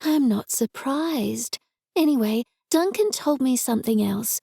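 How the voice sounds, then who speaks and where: A woman voicing an excitable, chatty young woman friend in an audiobook, speaking high and breathless. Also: a little slow, vocal fry, breathy edge, no echo, clean studio sound, heavily acted. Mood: concerned.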